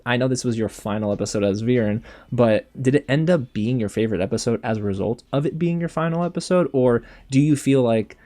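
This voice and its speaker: A man's voice: medium pitch, brisk, dark tone. A man hosting a fan interview, asking long, rambling, enthusiastic questions. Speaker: interview host.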